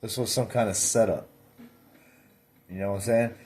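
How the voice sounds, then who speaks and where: A man's voice: on the low side, moderate pace. A man vlogging, telling a story in a blunt, plainspoken way and acting out his own replies. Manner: animated, reenacts his own replies with repeated "I said". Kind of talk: casual storytelling.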